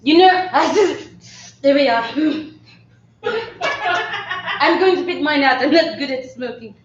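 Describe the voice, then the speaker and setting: Woman playing a defiant younger French sister, heavy fake French accent, slow and shrill, echoey stage. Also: completely flat delivery, a little mellow, a little hiss or hum. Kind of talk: improv comedy scene. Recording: echoey theater, dull sound.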